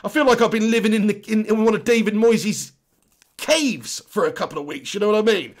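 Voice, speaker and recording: A young man hosting a football channel, reading viewer comments in a chatty, blunt way while his voice is going hoarse. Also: sits high, brisk. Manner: chatty, matey shout-outs, blunt opinions. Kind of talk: casual live-stream chat, reading viewer comments.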